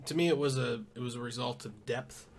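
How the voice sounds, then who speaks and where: Young male podcast co-host, mid-pitched, dry wit, faint background noise. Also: brisk. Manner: dry jokey asides. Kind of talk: casual sports chat.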